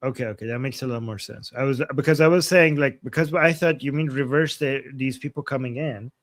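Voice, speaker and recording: A man hosting a political livestream, reading viewer super chats and reacting in casual, upbeat chat with quick acknowledgments. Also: mid-range voice, no echo.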